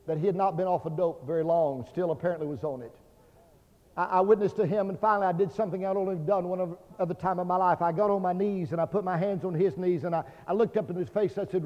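A Baptist pastor preaching a fervent sermon, swinging between loud declarations and hushed tones. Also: male voice, high voice, quick pace. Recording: dull lo-fi sermon recording with long hall reverb.

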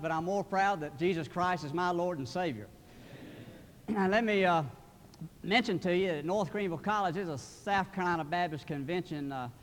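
A man's voice: high-pitched, big-room sound, slight background noise. A man, a college president giving a sermon, earnest and building to fervent emphasis. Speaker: college president, guest preacher.

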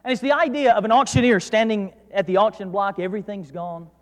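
High-voiced Southern preacher in a reverberant hall. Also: male voice, fairly even intonation, quick pace. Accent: North Georgia Southern US. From North Georgia. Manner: swings from quiet asides to loud emphatic declarations. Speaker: pastor. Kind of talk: sermon.

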